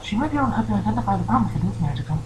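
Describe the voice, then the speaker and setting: A man voicing a gentle, timid female pegasus healer in a soft, breathy tone. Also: high voice, sing-song, very fast, background noise, pitched above the performer's own voice. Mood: worried.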